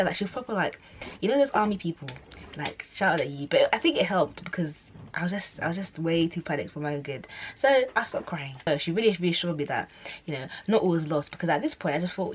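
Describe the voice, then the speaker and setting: A young woman vlogs to camera, telling a story in a chatty, rambling way full of fillers and self-corrections. Her voice is expressive, a little fast and breathy, and she acts out quoted voices with sudden high squeals.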